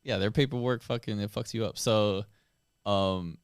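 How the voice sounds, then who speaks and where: A man's voice: lowish voice, fairly even intonation, normal speed, clean tone, no room sound, clean studio sound. An American man in his thirties hosting a podcast, telling a story in laid-back, swear-heavy casual chat. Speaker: podcast host.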